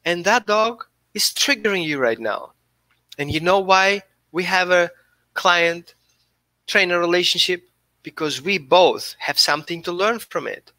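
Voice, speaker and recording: A man with a higher-than-usual voice speaks earnestly as a dog behaviorist, coaching his listeners. His tone is bright and forceful, and the recording is dry and close. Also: lively intonation, measured pace, no room sound. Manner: earnest, coaching, repeats himself. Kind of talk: live Q&A talk.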